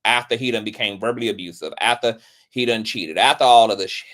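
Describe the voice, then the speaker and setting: A man hosting a gossip commentary channel, speaking theatrically with mocking pity and dramatic pauses. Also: fairly low pitch, fairly bright tone.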